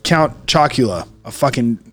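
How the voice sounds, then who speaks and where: A man's voice: mid-range voice, moderate pace, slightly rough, no room sound. A man co-hosting a podcast, swearing freely in loose, joking banter. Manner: profane, animated banter. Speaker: podcast co-host. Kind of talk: casual chat.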